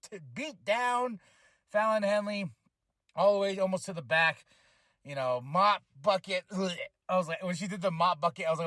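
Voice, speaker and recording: A man hosting a podcast, recapping a wrestling show in a casual, animated way, with frequent fillers and quick laughs. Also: high-pitched, no room sound, clean studio sound. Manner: animated, acts out wrestlers' lines in quick voices. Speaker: podcast host.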